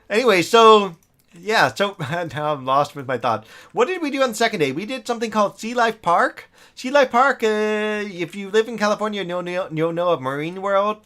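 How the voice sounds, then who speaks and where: A man's voice: high-pitched, sharp tone. A middle-aged man from the United States, chatting casually and rambling on a live gaming stream, laughing often and talking to the characters in his game. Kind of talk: casual live-stream chat while playing.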